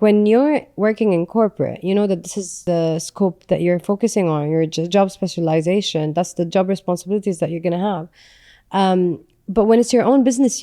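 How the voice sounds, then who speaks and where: A woman in her thirties speaks as a podcast guest in a relaxed, candid way. Her voice sits fairly low and sounds mellow and warm. She thinks aloud, pausing on fillers as she goes. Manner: reflective, candid, with frequent fillers. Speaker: podcast guest, agency founder. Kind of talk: casual conversational interview.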